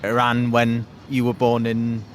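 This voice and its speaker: A man's voice: medium pitch, completely flat delivery, measured pace. A man hosting a podcast, talking enthusiastically and casually with many fillers. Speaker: podcast host. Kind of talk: casual podcast chat and interviewing.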